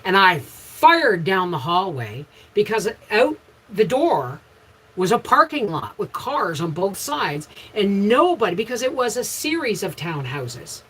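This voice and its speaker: A middle-aged woman hosting a casual livestream, chatting with viewers and telling frank, rambling stories with sudden loud bursts. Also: mid-range voice, big pitch swings, measured pace, husky, poor audio. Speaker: homestead channel host.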